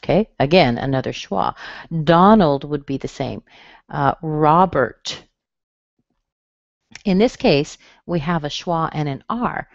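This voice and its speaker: A low-pitched woman who talks slowly as she teaches pronunciation online. She says each word again and again in a patient way. The webinar audio is dull and muffled, with a dry, close sound. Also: lively intonation, no echo. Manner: slow, patient, repeats words for drill. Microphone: computer mic.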